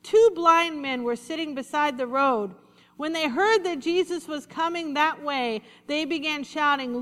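High bright-voiced woman preaching. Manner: preaching with call-and-response, slowing for emphasis. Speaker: pastor. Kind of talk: sermon. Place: church sanctuary. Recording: reverberant hall.

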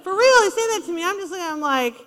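High-voiced woman preaching in a hall. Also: animated, fast talker, a bit bright. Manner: conversational preaching with acted-out quotes. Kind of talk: sermon. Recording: long reverb of a large hall.

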